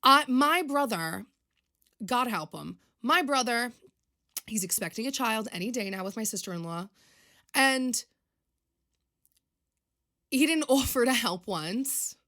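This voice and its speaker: A woman's voice: fairly high pitch, lively intonation, takes it slowly, long pauses, pushed and bright. A young woman, chatting on her own podcast in a rambling, confessional, emotional way. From Long Island, New York. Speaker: podcast host. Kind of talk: casual solo podcast chat.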